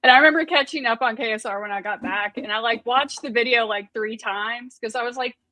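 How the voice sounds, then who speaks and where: A woman's voice: a little high, fairly quick, bright, forceful tone, no room sound, low-quality recording. A woman co-hosting a casual sports radio chat, talking in a chatty, playful way. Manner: chatty and playful, laughs easily.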